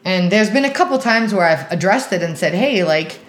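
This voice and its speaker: A woman from Alberta, Canada, a podcast guest in casual conversation, telling animated stories full of fillers. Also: medium pitch, fairly quick, echoey room. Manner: animated storyteller, acts out quoted voices, many fillers.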